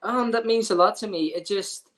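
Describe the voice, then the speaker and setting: A young adult man from the Netherlands, a student athlete, speaks with a Dutch accent in a voice that sits high, at normal speed and a bit bright, though the audio is poor. As an interviewee, he answers questions earnestly, with frequent ums, uhs, and restarts.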